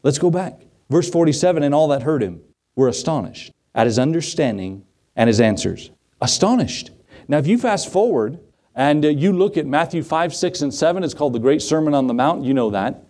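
A man's voice: fairly high pitch, animated, brisk, darkish tone. A middle-aged man preaching a sermon as pastor, asking the congregation questions and acting out the voices of the people in his stories. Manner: dramatic voices for quoted figures, rhetorical questions to the congregation.

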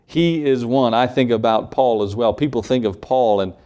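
A man's voice: mid-range voice, normal speed, mellow. A man preaching a morning sermon, asking the congregation rhetorical questions and acting out short quotes.

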